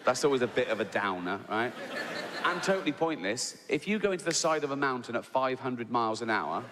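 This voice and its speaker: A man's voice: mid-range voice, expressive, a little fast, noisy background. A middle-aged Englishman doing a stand-up set, chatty and sweary, tagging his lines with "right?". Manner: conversational, keeps tagging "right?", swears freely. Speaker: stand-up comedian. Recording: live stage audio in a large reverberant venue with faint ambience.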